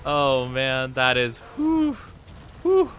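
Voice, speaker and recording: Lively, bright-voiced male streamer. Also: medium pitch, extremely slow, soft background music. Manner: playful, self-deprecating banter with chat. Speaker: gaming streamer. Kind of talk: casual live-stream chat while gaming.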